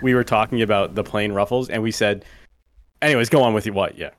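A man's voice: fairly low pitch, fairly even intonation, quick pace, a little hiss or hum. A man hosting a casual podcast chat, steering the segment and calling on his co-hosts by name. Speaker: podcast host.

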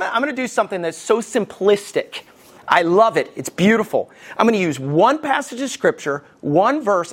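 A middle-aged man preaching a sermon as a pastor, folksy, with asides and jokes, swinging his pitch for emphasis.

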